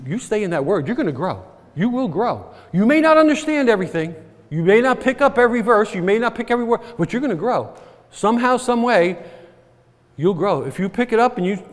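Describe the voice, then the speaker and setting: A man's voice: high voice, lively intonation, moderate pace, in a large hall. A man pastor preaching a sermon, earnest and repetitive, often checking with the congregation. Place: church sanctuary.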